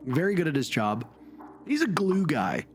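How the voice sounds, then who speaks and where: A man's voice: fairly high pitch, sing-song, moderate pace, faint music behind. A man casting an esports broadcast, chatting loosely and correcting himself as he goes. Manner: chatty, rambling, self-correcting. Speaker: esports caster. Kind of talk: casual broadcast banter.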